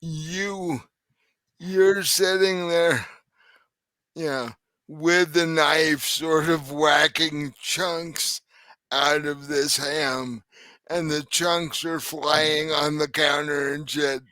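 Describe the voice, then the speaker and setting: A man narrating a tabletop horror game as game master, who laughs often and narrates in a loose, halting way. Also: on the high side, steady tone, sharp tone, no room sound.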